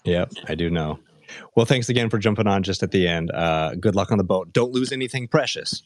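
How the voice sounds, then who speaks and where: A man's voice: low voice, brisk, a little hiss or hum. A man hosting a live audio chat space, talking casually with fillers and restarts. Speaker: host.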